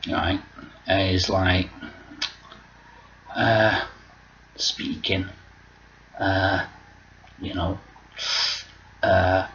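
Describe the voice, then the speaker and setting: A man's voice: low voice, dull audio, slight background noise. A man rambling through a sweary vlog monologue and losing his train of thought. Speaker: vlogger.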